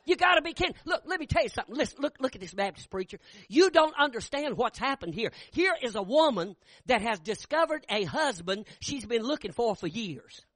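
High, bright-voiced preacher. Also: male voice, fairly quick, hardly any pauses, dry recording. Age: older. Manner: folksy, animated, rising to shouts. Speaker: Baptist preacher. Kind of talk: sermon storytelling with acted dialogue.

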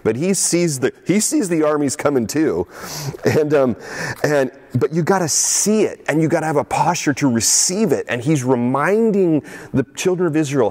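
A middle-aged man preaching a sermon as pastor, animated and repetitive, sometimes acting out the voices of the people he talks about. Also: a little high. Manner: animated, repeats words, acts out voices of the people.

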